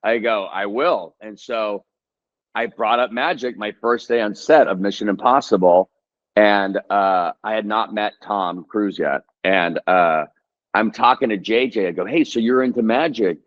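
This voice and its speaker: Man, 30s, low voice, hesitant casual storyteller, muffled lo-fi audio. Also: measured pace, fairly bright tone. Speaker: actor, guest. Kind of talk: casual chat.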